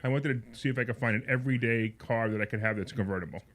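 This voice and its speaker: On his radio call-in show, a man with a quick, medium-pitched, slightly bright voice launches into a long personal tale. He rambles, repeats words, starts over, and grows more heated and indignant along the way.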